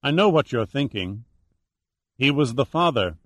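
A man reading the lines of a confident male investigator in an audiobook, measured and matter-of-fact. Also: mid-range voice, very animated, fairly bright tone, dry recording.

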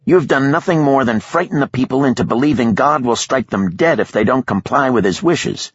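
A man's voice: mid-range voice, lively intonation, a little fast, husky, no echo, dull audio, voice pushed up. Man voicing a stern, formal kidnapper. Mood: cold, commanding. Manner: formal, clipped, no contractions. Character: stern male kidnapper, calm and commanding.

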